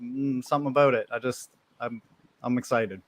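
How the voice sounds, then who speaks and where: A man on a gaming podcast panel, talking enthusiastically and repeating himself when excited. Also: medium pitch, normal speed. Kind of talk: casual panel chat.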